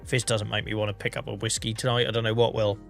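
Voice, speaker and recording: Chatty English streamer with a cold. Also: male voice, on the low side, level tone, fast talker, gravelly, fairly bright tone, soft background music. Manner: chatty, rambling, self-mocking. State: under the weather, coughing. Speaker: livestreamer. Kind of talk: casual gameplay commentary.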